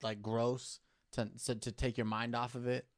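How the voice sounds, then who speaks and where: A man's voice: medium pitch, flat delivery, normal speed, no room sound, studio quality. A young man co-hosting a casual podcast chat, laid-back and joking. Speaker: podcast co-host.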